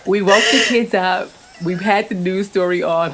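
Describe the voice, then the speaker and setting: A woman co-hosting a podcast, telling a family story in a lively, laughing way. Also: lowish voice, brisk, hardly any pauses, a crowd in the background. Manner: animated storyteller, laughs often. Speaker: podcast co-host. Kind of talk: casual storytelling chat.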